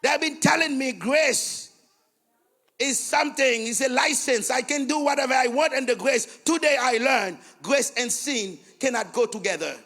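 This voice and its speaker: A man with a Haitian accent preaching a fervent sermon as pastor, shouting in bursts and chanting repeated prayer phrases. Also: extremely high pitch, moderate pace. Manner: switches between English, French and Creole, chants repeated phrases.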